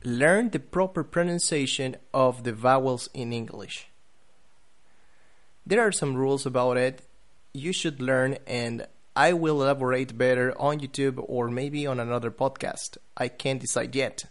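A man giving a podcast lesson on English pronunciation, saying example words slowly and with care. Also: medium pitch. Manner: careful, deliberate, spelling out example words.

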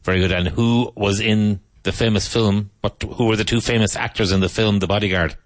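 A male English teacher runs a vocabulary drill in class, his voice deep and low. He speaks briskly and encouragingly in a steady tone. The recording is dry and close, with no room sound.

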